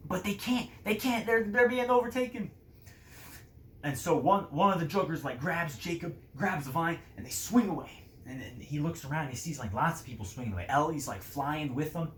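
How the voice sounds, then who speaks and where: A man's voice: on the high side, a little fast, a bit bright. A man casually telling a story, rambling with many fillers. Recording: roomy echo, faint noise.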